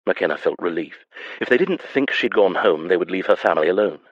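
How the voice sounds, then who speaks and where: A man reading a historical romance audiobook in a measured, even manner. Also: sits low, no room sound, muffled recording. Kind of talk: scripted audiobook narration.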